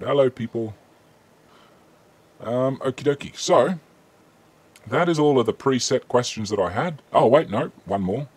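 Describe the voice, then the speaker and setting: A man's voice: on the low side, darkish tone, slightly rough. An Australian man hosting a casual live-stream Q&A, chatting easily and reading viewer questions aloud with frequent ums.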